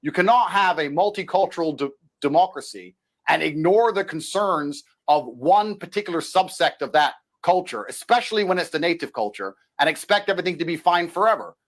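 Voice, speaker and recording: A man's voice: a little high, lively intonation, fairly quick. A man arguing as a guest in a TV interview, talking in an assertive, lecturing way. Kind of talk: debating in a TV interview.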